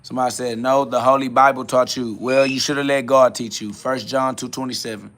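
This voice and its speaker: A man's voice: mid-range voice, fairly even intonation, a little fast, a bit bright. A man hosting a live stream, answering chat questions in a preachy, blunt way, with casual slang and quoted Bible verses. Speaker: livestream host.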